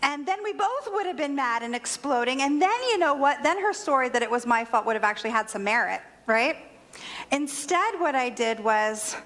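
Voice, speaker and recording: A woman's voice: sits high, animated, normal speed, a bit bright. A woman minister giving a sermon, telling a personal story with humor and animation. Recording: long hall reverb.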